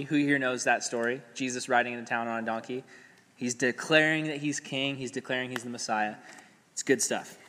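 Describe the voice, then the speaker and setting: A man's voice: medium pitch, fairly bright tone, in a large hall. A young man giving a casual sermon to a youth group, talking in a laid-back, slangy way with lots of "like" and acting out crowd voices.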